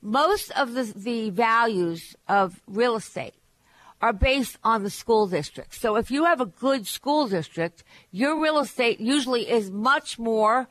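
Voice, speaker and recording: A woman's voice: on the high side, lively intonation, unhurried, fairly bright tone. A middle-aged or older woman hosting a call-in real estate radio show, giving blunt, emphatic advice with many restarts.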